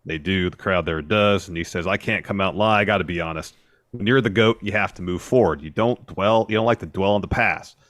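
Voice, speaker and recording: A man with a low, deep voice co-hosts a casual wrestling podcast, recapping events at an even, relaxed pace. His voice is close and dry. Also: brisk, no echo. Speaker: podcast co-host.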